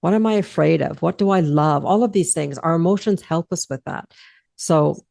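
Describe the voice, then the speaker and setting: A woman's voice: low voice, moderate pace, vocal fry, dark tone, dry recording. A woman hosting a podcast interview, talking in a candid, blunt and playful way into a close mic. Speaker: podcast host. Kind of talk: casual interview chat.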